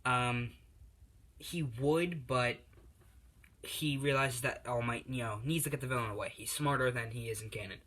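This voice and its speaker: A man's voice: medium pitch, moderate pace, fairly bright tone. A man casually telling a fan story, rambling with lots of fillers and restarts.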